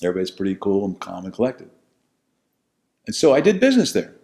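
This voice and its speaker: An older American man telling stories from his own life, blunt and profane, swinging between loud bursts and low asides. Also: huge pitch swings, fast. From United States. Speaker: podcast host telling his life story. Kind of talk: casual storytelling monologue.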